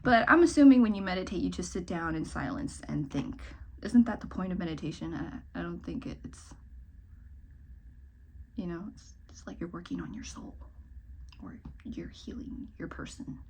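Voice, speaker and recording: A young woman chatting casually while doing her makeup in a get-ready-with-me vlog, rambling and self-mocking, swinging between bright remarks and muttered asides. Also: lowish voice, lively intonation, moderate pace, slight background noise. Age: young adult. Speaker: vlogger.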